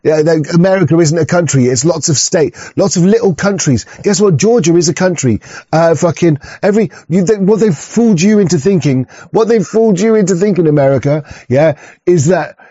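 A man's voice: fairly high pitch, a little fast, warm tone, breathy edge, dry recording. A man ranting in profane, rambling commentary, with many restarts and mocking voices. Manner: rambling, swearing, frequent restarts, mock voices. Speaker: streamer reacting to a video. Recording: dull lo-fi sound.

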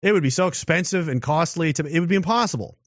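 A man's voice: a little high, lively intonation, fast, dry recording, lo-fi sound. Guy ranting through a political monologue, keeps restarting, dead dry sound. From Canada. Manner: rambling, with frequent restarts and rhetorical questions. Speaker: commentator.

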